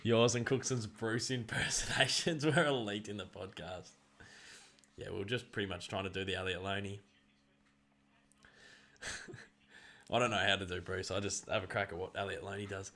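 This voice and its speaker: An Australian man streaming casual live play-by-play, excitably rattling off player names and breaking into loud calls. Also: mid-range voice, moderate pace, long pauses. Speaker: streamer commenting on a live game.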